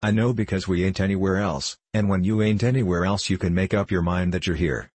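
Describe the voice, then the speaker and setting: A man's voice: low-pitched, steady tone, fairly quick, a little mellow, no room sound. A man voicing a chummy, slangy male hare in a storybook reading.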